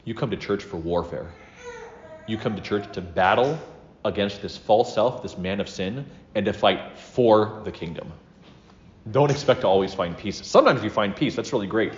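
A man's voice: on the low side, normal speed, slight background noise. A man giving an earnest, conversational religious teaching talk to a class, with asides and self-corrections. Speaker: teacher of a class on spiritual life. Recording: roomy, dull lo-fi room recording.

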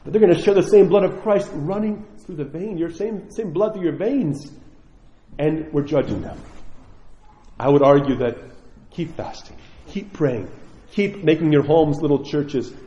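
A man, a priest, preaching a sermon to his congregation, earnest and pleading, swinging between loud emphasis and soft asides. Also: fairly high pitch, lively intonation, moderate pace. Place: church. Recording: echoey church hall, dull sound.

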